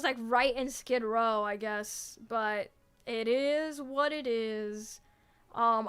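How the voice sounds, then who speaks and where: A young adult woman streaming as a VTuber, chatting casually in a rambling, excitable way full of fillers and restarts. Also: sits high, clean tone. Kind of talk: casual livestream chat.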